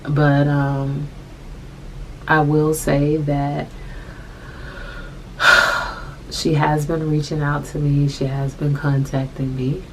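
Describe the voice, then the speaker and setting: A young adult woman telling a personal story to camera, soft-spoken and halting, often repeating her phrases. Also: sits low, level tone, noisy background. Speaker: vlogger.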